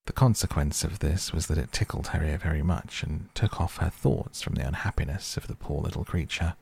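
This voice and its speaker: A man reading a storybook aloud in a calm, even manner. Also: rumbling low, a little fast, creaky, slightly rough. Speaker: narrator. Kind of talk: audiobook reading.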